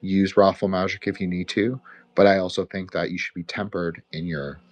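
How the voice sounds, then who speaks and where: Deep-voiced man with a slight Quebecois accent. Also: little pitch movement, moderate pace, faint music behind. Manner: rambling, profane, discursive with frequent fillers. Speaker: host. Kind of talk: casual closing remarks on a live audio chat.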